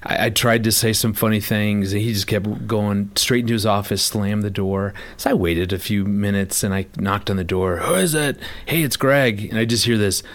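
Animated male storyteller hosting a chat. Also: on the low side, normal speed, few pauses. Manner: animated storyteller, acts out quoted voices. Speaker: host. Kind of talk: casual chat.

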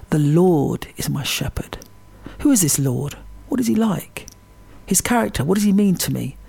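A man teaching a slow meditation on a psalm, stressing one word at a time in a calm, deliberate way. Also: on the high side, creaky, husky. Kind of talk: reflective Christian teaching on scripture.

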